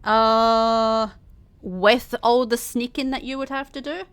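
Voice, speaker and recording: A young woman narrating as game master in a tabletop game, with a fairly high voice. She talks casually, laughs often and swears freely. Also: steady tone, slow, clear, resonant tone.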